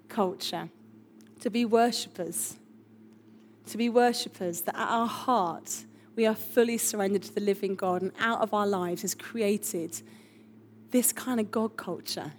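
A woman pastor preaching a lively, chatty sermon with emphatic asides. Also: fairly high pitch, slight background noise.

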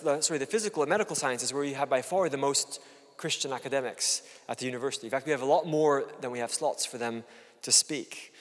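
A middle-aged man delivers a public lecture in an earnest, measured way. His mid-range voice rings out with a long reverb trailing off the hall walls. He speaks to a live audience from a stage. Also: mid-range voice.

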